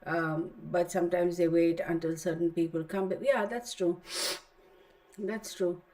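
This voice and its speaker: A woman's voice: lowish voice, steady tone, a little slow, warm tone. A middle-aged woman with a Texan accent, hosting a tarot stream and telling a long story with many fillers. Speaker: tarot channel host. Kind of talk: casual livestream chat.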